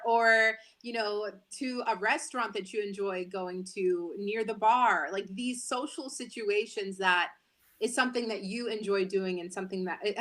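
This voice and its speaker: Woman, news anchor, talk show guest, chatty, animated, laughs easily. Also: medium pitch. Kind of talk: candid talk show chat.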